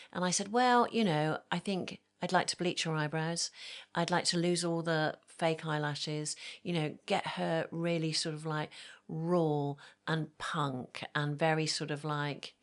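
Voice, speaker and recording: Woman, lowish voice, chatty storyteller, lots of ums, does little voices for people. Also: steady tone, measured pace. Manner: chatty storyteller, acts out quoted voices, many fillers. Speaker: make-up artist guest. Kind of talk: casual interview chat.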